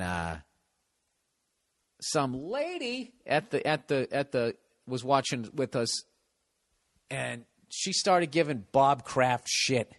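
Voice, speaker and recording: A man hosting a podcast, ranting in a blunt, cynical way, swearing freely and stumbling over restarts. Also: mid-range voice. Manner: profane, rambling, stumbles and restarts. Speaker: podcast host. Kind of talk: casual podcast rant.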